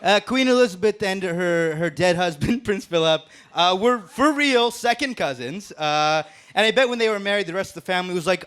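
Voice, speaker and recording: A man's voice: sits high, expressive, fairly quick, hardly any pauses, a bit bright, smooth. A man doing a crude, brash roast-battle stand-up set on stage. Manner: brash, crude punchlines with laughs. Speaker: stand-up comedian. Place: comedy stage before a live audience.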